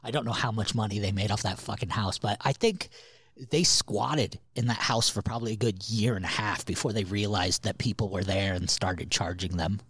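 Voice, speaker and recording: A man's voice: fairly low pitch, moderate pace, fairly bright tone, breathy edge, no echo, studio quality. A man co-hosting a podcast, telling rambling anecdotes in casual chat and swearing freely. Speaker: podcast co-host.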